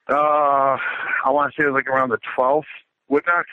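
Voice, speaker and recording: A man's voice: mid-range voice, a little fast, no room sound. A middle-aged man calling in, telling a story in a casual, matter-of-fact way, like a military report. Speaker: caller. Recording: tinny phone line.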